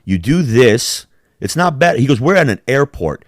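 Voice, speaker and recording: A man's voice: medium pitch, very animated, normal speed, no room sound, studio quality. Rambling, profane male podcast host. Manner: rambling, profane storytelling with quoted voices. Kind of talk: casual chat.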